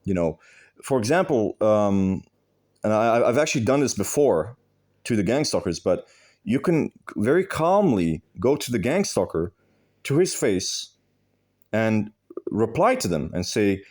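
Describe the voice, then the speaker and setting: Blunt, profane man, lively low voice. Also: unhurried. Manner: blunt, emphatic, profane, repeats for stress. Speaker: video host giving advice. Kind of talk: direct-to-camera monologue.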